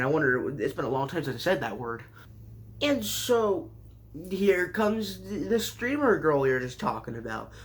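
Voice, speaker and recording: A man casually recapping a show with sarcastic, rambling asides and mock surprise. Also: a little high. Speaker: show reviewer.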